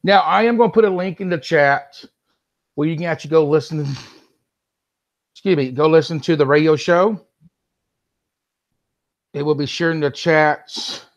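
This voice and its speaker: A man's voice: a little high, moderate pace, long pauses, lo-fi sound. A man hosting a live call-in stream, talking casually and addressing viewers and moderators directly.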